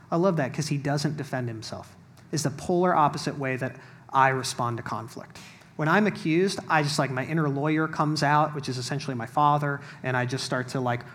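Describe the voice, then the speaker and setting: A pastor with a fairly high-pitched voice gives a sermon, reading scripture and explaining it in a wry, conversational way with asides to the congregation.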